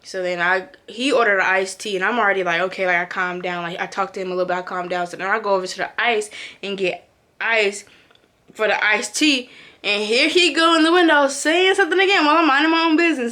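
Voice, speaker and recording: A young woman casually telling a story from her job, acting out her own lines with sudden jumps in pitch. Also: brisk. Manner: animated, acts out quotes with big pitch jumps. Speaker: vlogger.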